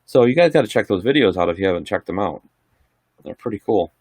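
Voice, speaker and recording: A man's voice: fairly low pitch, expressive, fast talker, darkish tone, husky, dry recording. A middle-aged man casually chatting on a livestream, answering viewer questions in a rambling, laid-back way. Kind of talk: casual live chat.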